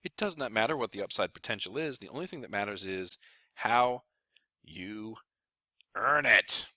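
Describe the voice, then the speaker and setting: A man's voice: lowish voice, brisk, no echo. A man presenting a casual finance explainer, joking and talking to himself as he draws on screen. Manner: joking, animated, talks to himself while drawing. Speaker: financial advisor presenting a video.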